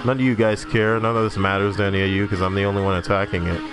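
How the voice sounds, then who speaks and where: A man's voice: lowish voice, flat delivery, very fast. A young man streaming a game, rambling casually, swearing, and laughing at his own jokes while reading chat. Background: music.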